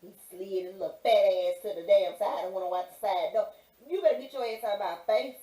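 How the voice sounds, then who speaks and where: A woman with a Mississippi Southern accent telling a loud, profane story as a pastor's partner on his show. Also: mid-range voice, brisk, recorded from a distance. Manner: brash, cussing, animated retelling. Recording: echoey room, off-mic.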